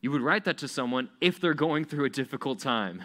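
Pastor, male, relaxed conversational preaching with a bright, pointed tone. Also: mid-range voice, a little fast. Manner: casual, conversational preaching with rhetorical questions. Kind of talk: sermon.

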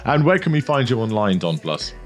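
A man's voice: mid-range voice, sing-song, a little fast, loud music behind the voice. A man hosting an interview in a playful, teasing way. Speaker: podcast host.

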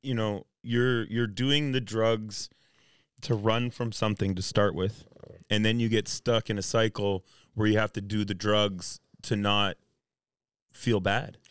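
A man's voice: lowish voice, fairly even intonation, measured pace, smooth, no echo, studio quality. A man co-hosting a casual podcast, easygoing and agreeable, often saying yeah. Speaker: podcast co-host.

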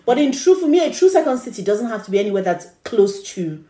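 A woman's voice: fairly high pitch, big pitch swings, quick pace, dark tone. A woman co-hosting a casual podcast, chatty and opinionated, often trailing off and restarting mid-thought. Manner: chatty, opinionated, trails off while searching her notes. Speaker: podcast co-host. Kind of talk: casual chat about dramas. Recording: echoey room.

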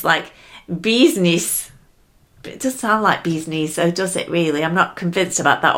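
A woman hosting a solo podcast, chatty and giggly, talking straight to the listener. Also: lowish voice. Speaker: podcast host. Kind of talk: upbeat solo podcast talk.

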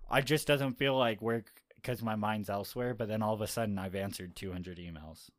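A man's voice: lowish voice, fairly quick. A man co-hosting a casual chat, rambling and teasing with many hesitations. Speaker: podcast co-host. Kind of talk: casual banter.

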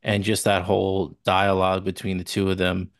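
A man co-hosting a podcast, relaxed, talking about favorite film scenes and acting out the quoted lines. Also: sits low, moderate pace, no echo. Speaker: podcast co-host. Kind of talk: casual movie review chat.

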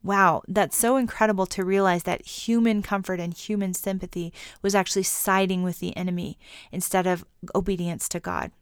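Earnest woman teacher, smooth clear voice, dry close sound, devotional talk. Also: medium pitch, steady tone, no echo. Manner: earnest, reads quotes slowly and softly. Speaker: Christian women's teacher.

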